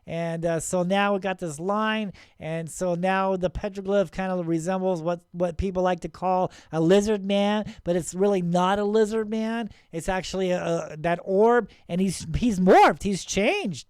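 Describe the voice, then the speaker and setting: A middle-aged man hosting his own channel, talking excitedly and rambling, with many restarts and frequent "right?" checks. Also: high voice, a little slow, clear, resonant tone, dry recording, studio quality. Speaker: channel host. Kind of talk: casual video commentary.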